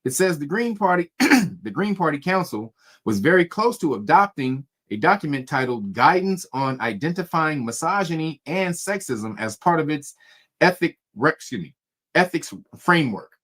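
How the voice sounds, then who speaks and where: A man's voice: on the high side, very animated, normal speed, fairly bright tone. A man reading news articles aloud and riffing on them, cursing, laughing often and stumbling over words. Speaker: commentary streamer.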